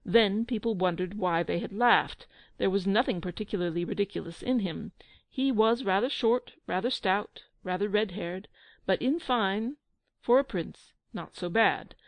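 A woman narrating a children's audiobook with measured, expressive storytelling. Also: mid-range voice, dry recording.

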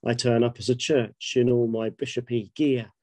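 British bishop in his fifties, mellow voice, dry close sound, calm thoughtful talk. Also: medium pitch, no echo. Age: 50s. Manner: measured, reflective, anecdotal. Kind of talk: prepared webinar talk.

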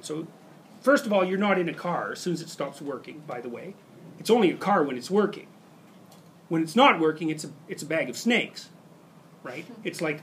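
A man's voice: sits high, a bit bright. A middle-aged man giving a university lecture, talking conversationally and acting out examples with quoted inner voices. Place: lecture hall.

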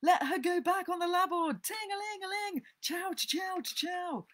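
A woman voicing a brash, teasing boy who shouts steamboat orders and mocks his friend. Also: very high voice, normal speed, voice pushed up. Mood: playful bellowing. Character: cocky boy playing a steamboat.

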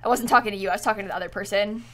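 A young adult woman streaming a game and chatting casually, excitable, often squealing and laughing. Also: mid-range voice, very fast. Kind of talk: casual gaming chat.

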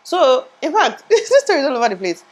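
A young woman with a high, very animated voice talks fast in a casual, rambling vlog recorded roughly on a lapel mic. Sore from recent tooth surgery, her speech is a bit muffled, and she keeps laughing at herself.

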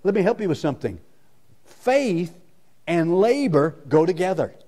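A man's voice: high-pitched, sing-song, normal speed, mellow. A male pastor preaching a sermon with emphasis, repeating his key lines.

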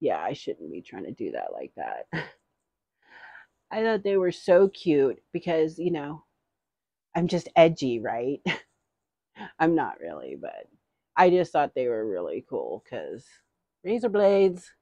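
A woman's voice: sits low, wildly swooping pitch, takes it slowly, vocal fry, pauses often, darkish tone, no echo, muffled recording. A middle-aged woman vlogger in casual, rambling haul chat, giggling often.

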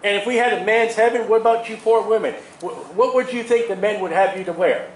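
A man preaching a sermon in an animated way, chuckling at his own asides. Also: sits high, brisk, roomy sound, low-quality recording.

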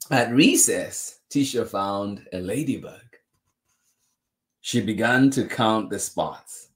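A man's voice: lowish voice, drawn-out words, creaky, long pauses, a bit bright. A man reading a children's picture book aloud, chuckling often and adding exclamations between pages. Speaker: children's story reader.

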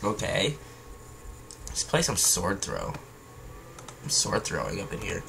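A man's voice: low voice, huge pitch swings, takes it slowly, gravelly, noisy background. A man casually commentating while playing a game, joking, swearing and humming sound effects. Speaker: gamer. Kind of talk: casual let's-play commentary.

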